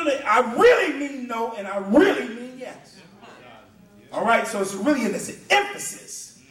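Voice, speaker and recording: A man preaching a sermon in a church, emphatic and often shouting, with a chanting "uh" between phrases. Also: very high voice. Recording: echoey church, mic far off.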